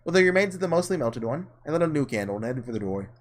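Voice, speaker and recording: A man reading aloud as a frail young woman, in measured, reflective narration, with a lively, varied pitch.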